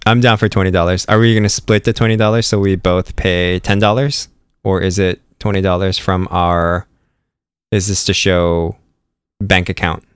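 An American man in relaxed podcast chat, his voice smooth and somewhat low. He is recorded close and dry. He jokes around and laughs easily. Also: moderate pace, no echo. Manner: jokey, laughs often. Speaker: podcast co-host and designer. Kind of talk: casual chat.

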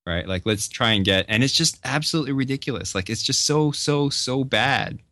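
A man's voice: medium pitch, animated, brisk, bright, forceful tone, no echo. A man talking casually on a podcast, telling stories with lots of fillers and laughter.

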